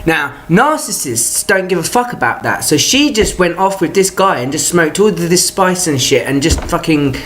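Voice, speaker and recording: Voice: mid-range voice, very animated, moderate pace, few pauses, fairly bright tone. A vlogger telling a personal grievance in an exasperated, profane rant, talking in stop-start bursts and restarts. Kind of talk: ranting personal vlog.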